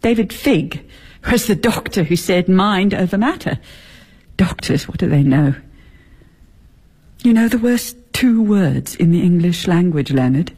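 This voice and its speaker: A woman's voice: on the low side, expressive, a little slow, a little mellow, husky. An actress playing a bitter, sarcastic middle-aged wife and mother in a radio drama. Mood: bitter, grieving. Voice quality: cutting, sarcastic.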